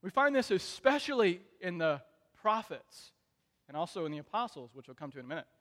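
High-voiced man preaching in an echoing hall. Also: very animated, fairly quick. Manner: dynamic delivery, swings between soft asides and loud emphatic peaks. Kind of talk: sermon. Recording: long reverb of a large hall.

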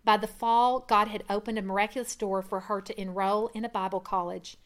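A woman reading a first-person testimony aloud in an earnest way, growing louder at dramatic moments. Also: mid-range voice, steady tone, brisk. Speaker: reader.

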